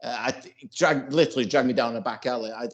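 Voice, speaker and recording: A man's voice: mid-range voice, fast talker. A man in his forties co-hosting a casual podcast, rambling and filling his talk with "you know" and restarts. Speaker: podcast co-host.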